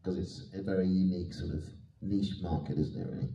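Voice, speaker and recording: Male panel guest, low pitch, mellow tone, easygoing storyteller; roomy hall sound, distant mic. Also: fairly even intonation, fairly quick, dull audio. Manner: chatty, self-deprecating, laughs often. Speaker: guest actor on a convention panel. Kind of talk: anecdotal panel Q&A. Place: convention hall.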